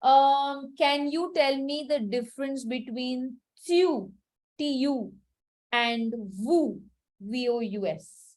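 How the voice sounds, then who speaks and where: Patient high-voiced woman teacher. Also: slow, darkish tone. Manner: patient, repeats each phrase with its translation and checks with "right?". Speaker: French teacher. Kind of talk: teaching a class to children.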